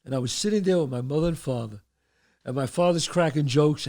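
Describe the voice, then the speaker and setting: A man from the Bronx, hosting a show and telling stories, animated and acting out voices. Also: on the high side, fairly quick, vocal fry. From the Bronx, New York. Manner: animated, acts out voices, trails off mid-sentence. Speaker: host. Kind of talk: storytelling.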